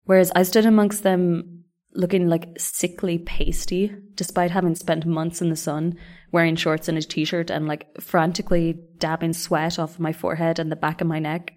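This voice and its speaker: A woman's voice: fairly low pitch, flat delivery, normal speed, a little mellow. Woman telling travel stories. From Ireland. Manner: chatty and self-deprecating. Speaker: vlogger. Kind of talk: scripted travel storytelling.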